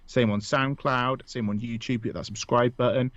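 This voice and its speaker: A man's voice: mid-range voice, fairly even intonation, normal speed, fairly bright tone, no echo, muffled recording. A man co-hosting a casual podcast, joking, self-mocking and laughing often. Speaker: podcast co-host. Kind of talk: casual chat.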